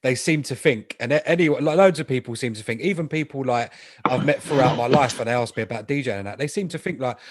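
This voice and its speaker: Quick-talking podcast host. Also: male voice, mid-range voice. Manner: relaxed, conversational, chips in with questions and anecdotes. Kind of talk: casual chat.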